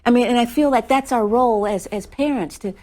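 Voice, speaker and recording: A woman, an author and professor, telling an anecdote in a relaxed interview, animated, with small laughs and quick restarts. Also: on the high side. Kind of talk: conversational storytelling interview.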